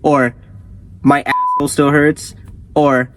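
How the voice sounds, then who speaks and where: Excitable male host, slightly high voice, rambles off-script mid-story. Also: slow pace, low-quality recording. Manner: rambling and excitable, often breaking into laughs. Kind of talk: casual reading of a horror story with comedic tangents.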